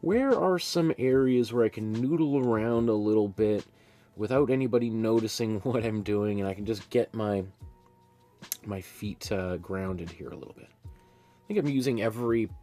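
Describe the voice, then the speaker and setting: A man's voice: medium pitch, expressive, moderate pace, a little mellow, faint music behind. Chatty man teaching a live painting class. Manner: chatty, rambling, self-deprecating, laughs often. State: hiccups. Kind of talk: casual live-stream teaching. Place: art studio.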